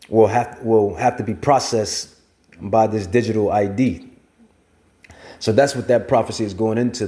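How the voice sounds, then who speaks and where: Low-voiced mellow man preaching scripture. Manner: rambling, emphatic, repeats phrases. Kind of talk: scripture teaching.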